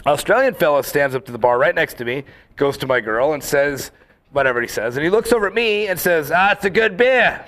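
A man in casual chat, telling rambling, animated stories full of fillers and acting out quoted lines. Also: fairly high pitch, quick pace. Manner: acts out quoted lines in the story.

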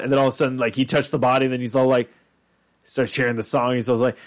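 Brief: mid-pitched man, casual host, rambles, curses, mimics voices in stories. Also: flat delivery, fast talker. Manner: rambling, swearing, acts out quotes in voices. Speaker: podcast host. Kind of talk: casual chat.

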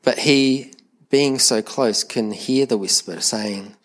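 A man's voice: medium pitch, slow pace. A man preaching a sermon in a conversational way, often repeating words as he restarts a thought, with light humor toward the congregation. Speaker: pastor. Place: church service.

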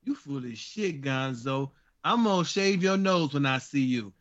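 A man's voice: mid-range voice, expressive, measured pace, fairly bright tone. A man, a charity founder guest, chatting casually over a video call in a playful, teasing way. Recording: dull lo-fi call audio.

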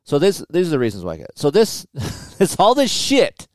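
A middle-aged man hosts a podcast, speaking openly and with lots of swearing about family pressures in an animated, storytelling style. His voice sits on the high side and moves fairly quickly, with clean studio sound and no room noise in this casual chat.

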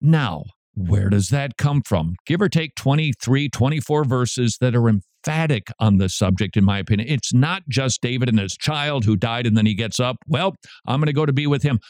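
A man hosting a call-in radio show, answering a caller's question in an emphatic, quick, jokey way. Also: medium pitch, lively intonation, darkish tone, no room sound, clean studio sound.

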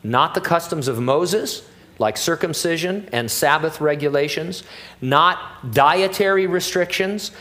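Man, middle-aged, pastor, sermon, slightly high voice, chatty with jokes and asides. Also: unhurried, a bit bright. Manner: conversational and joking, with many asides and fillers. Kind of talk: expository sermon.

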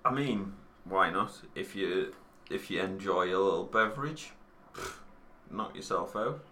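A man's voice: deep voice, animated, a little slow, sharp tone, slight background noise. A man co-hosting a podcast in casual chat, laid-back and dropping wry asides. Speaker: podcast co-host.

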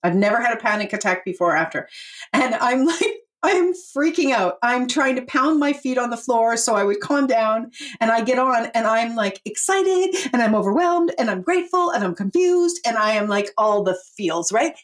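Animated middle-aged woman telling her story. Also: fairly high pitch, normal speed. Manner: animated, laughs often, quotes herself in voices. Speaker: guest. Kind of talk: storytelling in a podcast interview.

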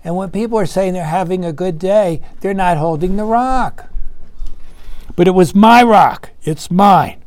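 A man's voice: sits high, measured pace, no room sound. A man leading a recovery meeting, talking earnestly and conversationally, asking the room questions and acting out voices in his story.

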